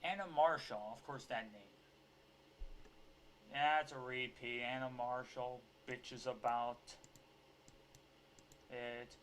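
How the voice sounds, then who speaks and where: A man's voice: medium pitch, steady tone, slow pace, long pauses, a bit bright, slight background noise. Sarcastic, ranting male commentator. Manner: sarcastic, profane, heated ranting. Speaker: political commentator. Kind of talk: ranting commentary on a news article.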